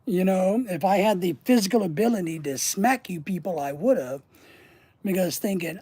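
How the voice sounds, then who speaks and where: A man's voice: high voice, expressive, normal speed, darkish tone, slightly rough, no room sound. A man hosting his channel and telling a long personal story in a casual, rambling way, swearing and trailing off mid-sentence. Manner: rambling, profane, often trails off. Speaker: channel host.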